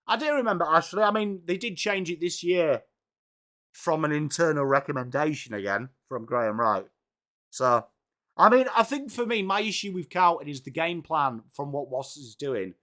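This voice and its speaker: A man hosting a live football watchalong, reacting excitedly and chatting with viewers by name. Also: fairly high pitch. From England. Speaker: live-stream watchalong host. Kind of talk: live sports reaction and chat.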